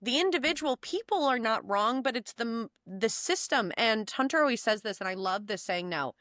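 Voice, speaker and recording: A woman's voice: fairly high pitch, expressive, moderate pace, few pauses, fairly bright tone, no echo, studio quality. A woman co-hosting a podcast, chatting casually and rambling through her own stories, often restarting her sentences. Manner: rambling storyteller, restarts and quotes herself. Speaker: podcast co-host. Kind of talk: casual chat.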